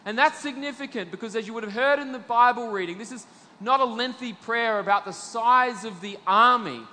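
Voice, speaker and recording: An Australian man, a middle-aged pastor, preaching a sermon with emphatic swells to loud peaks and drops to low, slow passages. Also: big-room sound.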